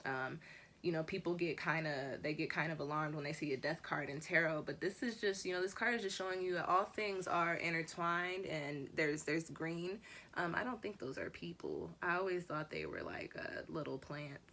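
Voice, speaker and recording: A woman giving a casual, rambling tarot reading in a relaxed, chatty way, with the odd swear word. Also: sits low, moderate pace, a little hiss or hum. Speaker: tarot reader.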